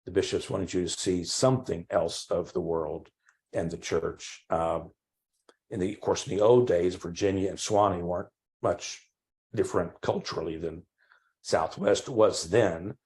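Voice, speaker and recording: An older man from Texas, a priest, telling his life story in an oral history interview and acting out old conversations with lively, halting speech. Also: sits low. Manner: animated storytelling, acts out remembered dialogue; frequent restarts and ums.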